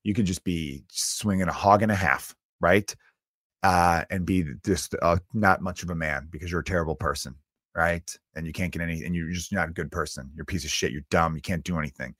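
Low-voiced man ranting, dry sound. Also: brisk, no echo. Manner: rambling, profane, jumps between loud bursts and mutters. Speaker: comedian podcast host. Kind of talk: solo comedic rant.

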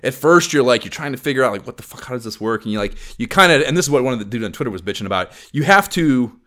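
A gaming podcast co-host talks very fast in an expressive, mid-range voice with a fairly bright tone. His delivery is casual, rambling, full of swearing and fillers.

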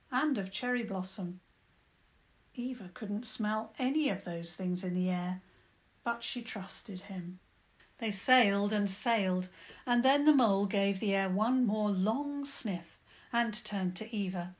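A woman calmly and gently narrating a children's story. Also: mid-range voice, unhurried.

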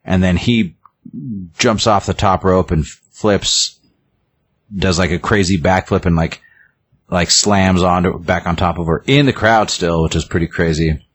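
A man's voice: deep voice, unhurried, slightly rough. A man casually retelling a film's plot, rambling, with many fillers and restarts. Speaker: storyteller retelling a film. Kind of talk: casual chat.

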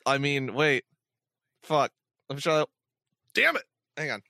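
A man's voice: a little high, sing-song, measured pace, creaky, pushed and bright, dry recording, studio quality. A man with the hiccups, joking and flustered as a player on a tabletop game podcast. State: hiccuping and coughing. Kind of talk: casual podcast banter.

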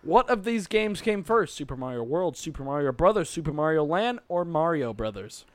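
A man with a lively, swinging voice reads quiz questions aloud to his friends, reacting with quick laughs between them. The sound is dry and close, with no room around it. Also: fairly high pitch, dry recording. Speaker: podcast host reading a quiz. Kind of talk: casual group chat.

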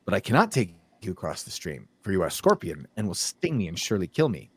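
A man plays a wary frog from a fable, formal and doubtful. The voice is low. The recording is dry and close. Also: wildly swooping pitch, fast talker, breathy edge, no room sound, exaggerated voice.

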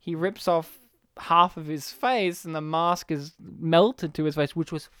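Man, smooth clear voice, dry close sound, animated storyteller, huffing and sighing as he acts out his past self. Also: fairly high pitch, a little slow, no echo. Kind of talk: casual chat, animated storytelling.

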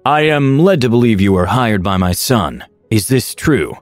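A man's voice: fairly low pitch, expressive, moderate pace, no room sound, soft background music, close to an everyday voice. A man voicing a stern, wealthy older father and shrewd businessman who speaks in a cold, commanding way.

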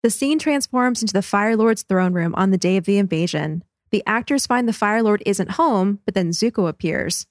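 A woman co-hosting a podcast, recapping an episode in a brisk, cheerful way. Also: medium pitch, dry recording, studio quality. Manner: brisk recap, laughs easily. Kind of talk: casual chat and episode recap.

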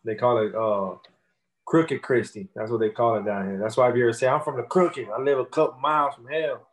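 A Texas rapper in his 30s, guesting on a casual interview, speaks fairly quickly in a mid-range voice with fairly even intonation, with slight background noise. He tells stories loosely, swearing a lot and filling his speech with fillers.

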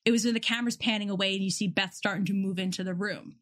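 A woman's voice: medium pitch, fairly even intonation, racing, a bit bright. A woman co-hosting a podcast, chatting casually about a TV episode and retelling scenes with lots of restarts. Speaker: podcast co-host. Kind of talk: casual TV recap chat.

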